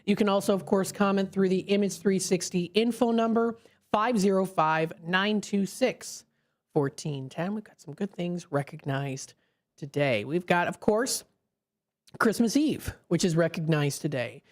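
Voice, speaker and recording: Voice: medium pitch, unhurried. Rambling radio host. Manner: rambling, chatty, many fillers and restarts. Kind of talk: live call-in radio chat. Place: radio studio. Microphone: studio microphone.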